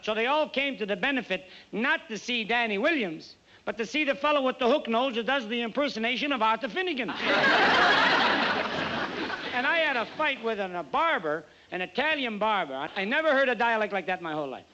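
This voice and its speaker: An actor playing a nightclub entertainer who tells stand-up stories on stage, with brisk delivery and mock-modest asides to the audience. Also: male voice, very high-pitched, animated, very noisy. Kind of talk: stand-up comedy routine on stage. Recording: dull old TV soundtrack with loud music.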